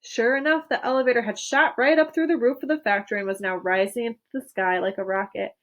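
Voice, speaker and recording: A woman reads a children's book aloud with an expressive, lively delivery. Her voice sits a bit high. She stops now and then to wonder about the story. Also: dull audio. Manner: expressive, pauses to ask questions. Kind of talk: reading aloud a children's novel.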